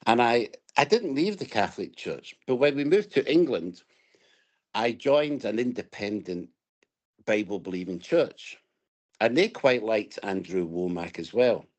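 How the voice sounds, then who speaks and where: Scottish male guest, low-pitched, reflective storyteller, casual interview talk. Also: lively intonation, a little slow, darkish tone. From Scotland. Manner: reflective, storytelling, hesitant restarts.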